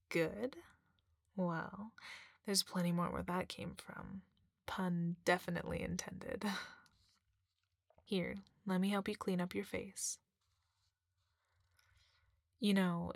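A woman in a whispered role-play, speaking softly and teasingly with a husky, breathy voice close to the mic. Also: lowish voice, steady tone, no echo. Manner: soft, teasing, slow and breathy, with frequent murmurs.

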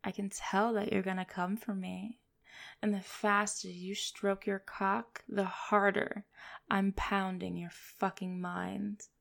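A woman speaking in a commanding, teasing way for an erotic hypnosis role-play, breaking into soft low laughs. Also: flat delivery, takes it slowly, creaky. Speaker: dominant hypnotist persona.

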